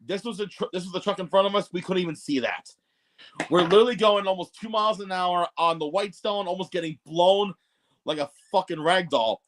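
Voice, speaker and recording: A man's voice: high-pitched, brisk, a bit bright. A man telling rambling, profane stories on a podcast, with lots of restarts. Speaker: podcast guest co-host. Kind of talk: casual storytelling chat.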